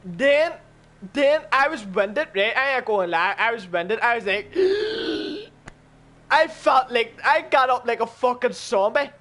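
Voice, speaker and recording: A man telling a story in a casual, profane, animated way while gaming with friends. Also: very high-pitched, normal speed.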